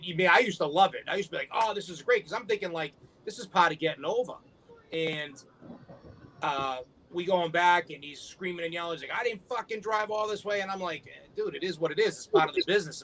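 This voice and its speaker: A man's voice: on the high side, pushed and bright. A man on a wrestling podcast who tells rambling, profane stories about the business. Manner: profane, rambling, stammers restarts. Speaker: wrestling podcast panelist, former manager. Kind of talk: casual chat, storytelling.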